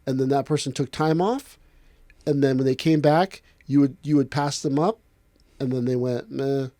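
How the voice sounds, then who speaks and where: A man, an aikido instructor, in a casual podcast talk, telling lively stories and acting out other people's lines. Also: mid-range voice, normal speed, no echo, studio quality. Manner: animated storyteller acting out other people's voices.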